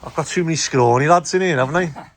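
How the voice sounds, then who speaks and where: A man's voice: a little high, fast. A man, a building boss filming a casual vlog, joking with his workers. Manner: jokey, laughs often, banters with workers. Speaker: vlogger and building firm boss. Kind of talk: casual chat on a work site.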